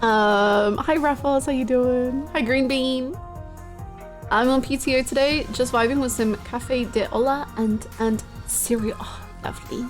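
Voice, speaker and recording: A young woman with an Australian accent chats casually with her live-stream audience. She is bubbly and giggly, with a slightly high voice. Faint music plays behind her. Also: measured pace. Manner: bubbly, chatty, laughs and gasps often. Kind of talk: casual live-stream chat, greeting viewers.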